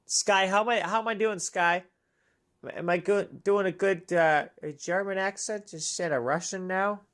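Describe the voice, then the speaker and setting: A woman's voice: medium pitch, normal speed, fairly bright tone. A woman streamer chatting casually with her viewers while playing, giggly and self-mocking. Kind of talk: live game-stream chat. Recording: game music behind.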